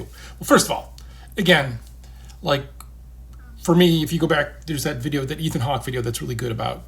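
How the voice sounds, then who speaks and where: A man's voice: on the high side, fairly even intonation, normal speed, vocal fry, pauses often, fairly bright tone. A middle-aged man talking casually and earnestly, reassuring listeners and repeating phrases for emphasis. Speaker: game industry veteran sharing advice. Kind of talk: casual livestream chat.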